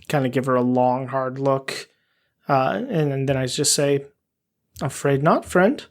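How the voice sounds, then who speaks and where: A man's voice: medium pitch, level tone, unhurried. A man playing a tabletop game casually, plainly describing his character's actions. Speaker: player.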